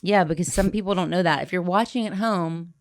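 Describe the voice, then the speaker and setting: A woman's voice: fairly low pitch, a little fast, no echo, studio quality. A woman co-hosting a podcast, chatting casually with blunt, crude humor and frequent laughter. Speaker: podcast co-host.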